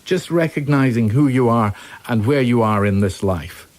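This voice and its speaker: A man's voice: mid-range voice, moderate pace, a little mellow, no room sound. Middle-aged Scottish man hosting radio. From Scotland. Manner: polite, hesitant, stumbles on words. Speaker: radio host. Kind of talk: radio interview.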